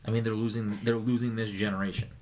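A man's voice: on the low side, little pitch movement, fast talker, a little mellow, slight background noise. A man co-hosting a casual gaming podcast, joking and swearing as he rambles through his thoughts. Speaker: podcast co-host.

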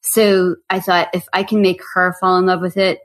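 Lively, low-voiced woman author. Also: moderate pace. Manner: animated storyteller. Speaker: author guest. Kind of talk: casual interview chat.

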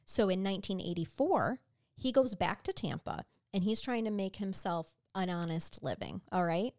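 A woman narrating a true crime case for a podcast, loose and conversational with dry, sarcastic asides. Her voice sits at an ordinary middle pitch. The sound is close and dry, with no room around it. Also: animated, normal speed, darkish tone, no echo. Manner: chatty storyteller, sarcastic asides. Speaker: podcast co-host.

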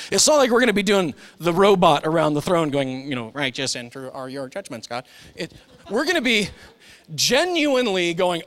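Casting: male pastor, forties, lively sermon delivery with big swings from hushed to loud high voices. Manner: animated, swings from soft and low to loud high-pitched impressions. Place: church.

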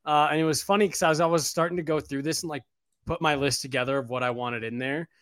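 A man's voice: a little high, steady tone, fast talker, fairly bright tone. Rambling man talking with a numb mouth. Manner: rambling, many fillers and restarts, casual swearing. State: mouth numb from dental work. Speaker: podcast co-host and writer. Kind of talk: casual sports podcast chat.

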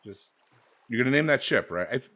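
A man's voice: medium pitch, lively intonation, fairly quick, a bit bright. A man co-hosting a comedy podcast, improvising in a mock-indignant, theatrical manner. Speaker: podcast co-host.

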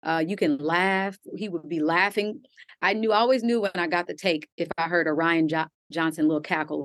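A woman, an actress, answering interview questions in an animated way, laughing and using many fillers. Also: on the low side, a little fast, dry recording. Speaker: actress guest.

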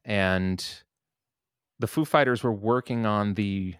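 A man with a lowish, smooth and resonant voice, talking as a guest musician in a relaxed interview. He tells loose stories and swears offhandedly, recorded close and dry. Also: slow pace, no echo. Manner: laid-back storytelling, laughs and swears casually. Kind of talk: casual interview.

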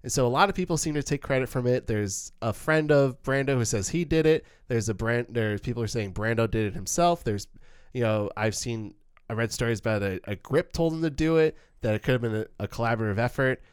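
Man, podcast co-host, casual film analysis, animated, frequent restarts, smooth voice, dry close sound. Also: medium pitch, a little fast, no room sound. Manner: animated, stumbles and restarts, acts out quoted lines.

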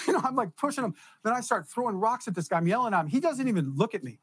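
A man in casual conversation tells a long story with animated energy and quick laughs. His voice sits fairly high for a man. The sound is dry and close. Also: slightly rough, no room sound. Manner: animated, laughs while telling stories. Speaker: guest.

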